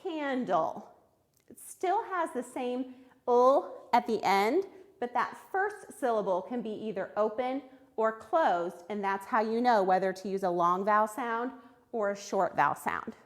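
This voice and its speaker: A woman teaching a recorded phonics lesson to young children, sounding out words clearly and praising answers. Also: medium pitch, expressive, normal speed. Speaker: third grade reading teacher.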